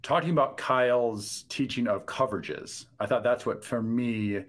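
A man hosting a podcast, a former pro quarterback, asking relaxed follow-up questions in a casual interview. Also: mid-range voice, normal speed.

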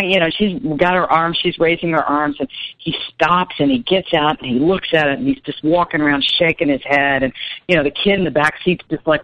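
A woman's voice: sits low, normal speed, phone-quality sound. A woman guest telling a story in a casual interview, chatty and full of fillers. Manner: chatty, many fillers, animated when quoting.

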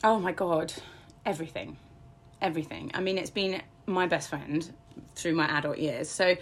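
Woman, slightly low voice, candid storytelling, self-mocking. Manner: frank, self-deprecating, lively swings in pace. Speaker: guest.

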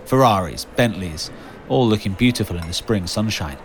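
A man hosting and narrating a podcast in a measured, scene-setting way. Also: lowish voice, lively intonation, a little hiss or hum. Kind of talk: scripted narration.

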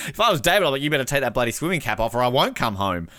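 A man hosting a casual podcast recap, animated, laughing often and mimicking the people he talks about. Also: mid-range voice, fast, no room sound, studio quality. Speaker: podcast host.

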